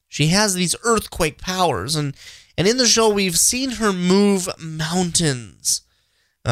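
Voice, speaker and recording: A man's voice: on the high side, fairly bright tone, no room sound, clean studio sound. A man in his thirties hosting a faith podcast, talking earnestly and repeating himself with many restarts. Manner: earnest, repetitive, frequent restarts. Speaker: podcast host. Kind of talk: inspirational faith talk.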